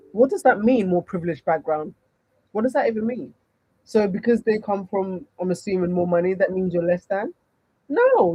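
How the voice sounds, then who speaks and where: A woman's voice: medium pitch, dark tone, husky, dry recording, dull audio. A woman with a Nigerian accent, a dating coach answering chat questions on a livestream, emphatic and full of rhetorical questions.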